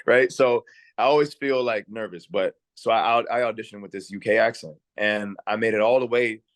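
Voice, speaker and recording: A man's voice: fairly low pitch, normal speed, no room sound. A young adult man telling stories in a casual interview, chatty with lots of restarts. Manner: relaxed and chatty, frequent "like" and restarts. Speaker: actor, interview guest.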